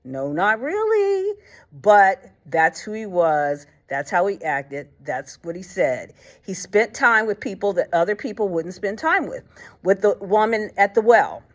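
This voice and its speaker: A woman's voice: medium pitch, sing-song, unhurried. A woman hosting a casual faith talk, speaking bluntly and colloquially, retelling stories with acted quotes and frequent fillers and restarts. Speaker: host.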